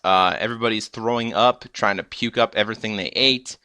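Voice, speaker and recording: A man's voice: lowish voice, steady tone, brisk, pushed and bright. A young man casually recapping a TV episode, rambling with lots of fillers and restarts. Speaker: episode reviewer.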